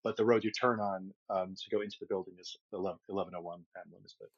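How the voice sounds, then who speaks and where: A middle-aged man co-hosting a podcast, telling a long story in an animated, rambling way with lots of restarts. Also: deep voice, quick pace, slightly rough, lo-fi sound. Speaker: podcast co-host. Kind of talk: casual storytelling chat.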